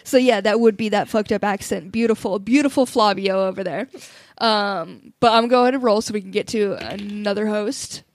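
A woman's voice: mid-range voice, normal speed, hardly any pauses, no echo. A woman co-hosting a casual podcast chat, loose and playful, moving the talk along. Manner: laughing, loose and playful, drives the segments. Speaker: podcast co-host.

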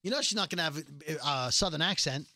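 A man from New York City with a New York accent, co-hosting a casual chat show and acting out people in quick asides. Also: on the high side, background noise. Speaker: podcast co-host.

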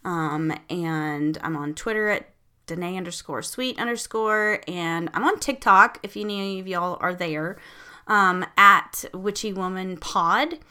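A woman with a bright, forward voice hosting a podcast. She talks casually and chattily, with plenty of ums along the way. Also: on the low side, measured pace, smooth. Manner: chatty, filler-heavy, friendly. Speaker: podcast host.

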